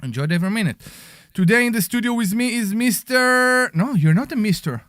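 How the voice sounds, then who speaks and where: A man's voice: high voice, animated, a little fast, a bit bright, dry recording. A man with an Israeli accent hosting a casual radio talk show from a studio, joking and poking fun at himself. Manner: joking, self-mocking.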